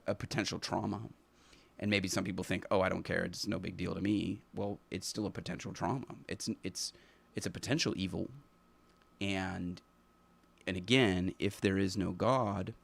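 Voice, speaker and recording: A man with a low, gravelly voice hosts a live stream. He thinks aloud in an earnest, reflective way, stopping and restarting often. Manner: halting, thinking aloud with many restarts and fillers. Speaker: teacher. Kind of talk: unscripted live stream commentary.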